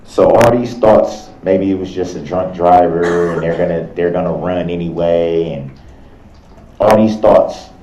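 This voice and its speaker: Man, very deep voice, halting repetitive courtroom questioning, dull lo-fi sound. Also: warm tone, reverberant. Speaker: defendant questioning a witness. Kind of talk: courtroom cross-examination. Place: large courtroom.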